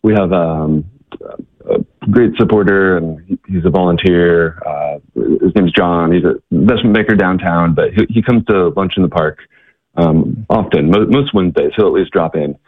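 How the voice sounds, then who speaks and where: A man being interviewed about his ministry work, telling a story with halting restarts and fillers. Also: low-pitched, dry recording, narrow, tinny audio. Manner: halting, many restarts and fillers, acts out quotes. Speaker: ministry guest.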